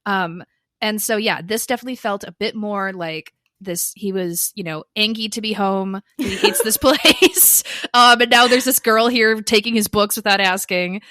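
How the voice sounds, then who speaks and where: Bright-voiced woman cohost, lively, laughs a lot, dry close sound. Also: mid-range voice, normal speed, dry recording. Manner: lively, laughs often, acts out quotes. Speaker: podcast co-host. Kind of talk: casual chat.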